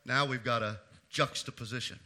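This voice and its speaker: A man pastor preaching a sermon, swinging between loud emphatic declarations and hushed, low asides. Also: steady tone, moderate pace.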